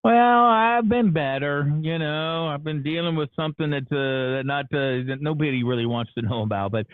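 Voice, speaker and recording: A man rambles through a candid story over a tinny phone line, restarting his sentences as he goes. His voice sits a little high for a man and sounds dry and close. He is a radio host chatting casually on a morning show. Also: moderate pace, no echo. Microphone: phone call.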